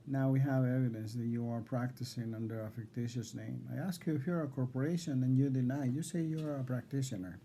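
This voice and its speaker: A man reading out insistent legal demands to a court evaluator, repeating himself and halting on fillers. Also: mid-range voice, dark tone, slight background noise. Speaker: defendant addressing a court evaluator. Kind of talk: confrontational legal declaration.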